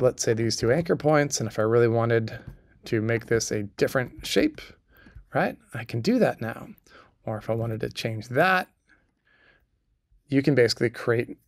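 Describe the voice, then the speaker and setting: Guy doing a design software tutorial, bit of gravel in his voice, dry close sound, keeps asking "okay?". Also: mid-range voice, no room sound. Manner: conversational, keeps checking in with "okay?" and "right?". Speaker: design instructor.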